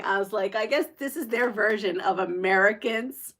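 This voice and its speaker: A middle-aged woman hosting a livestream, telling a story in casual chat, laughing often and animated. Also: mid-range voice, moderate pace. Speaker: livestream host.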